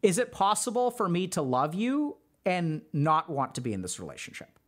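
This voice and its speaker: Sitting high with huge swings in pitch, this man's slightly bright voice keeps a normal speed. He hosts a podcast as a mental health doctor, earnestly chatting through relationship advice with many fillers in a casual way.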